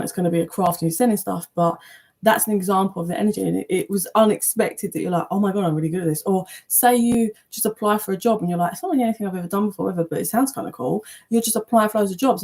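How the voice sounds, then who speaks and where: A woman giving a casual, chatty tarot reading, animated, with loose language and playful asides. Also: medium pitch, very fast. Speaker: tarot reader.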